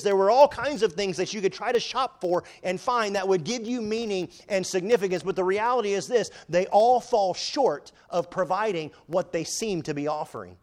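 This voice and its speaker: A man preaching a sermon, emphatic, often rising and falling in loudness, quoting scripture in old-fashioned wording. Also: high-pitched. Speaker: pastor.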